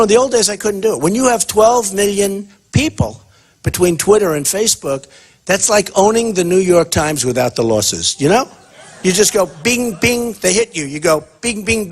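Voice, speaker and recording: A man's voice: on the high side, slightly rough. A man giving an off-the-cuff campaign speech at a town hall, boastful and rambling, often repeating himself. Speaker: political candidate at a town hall.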